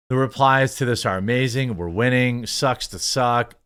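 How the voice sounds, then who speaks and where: A man's voice: medium pitch, moderate pace, a bit bright, clear, resonant tone. A man hosting an online commentary video, reading article excerpts aloud and answering them with mocking, indignant remarks. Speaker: commentary channel host.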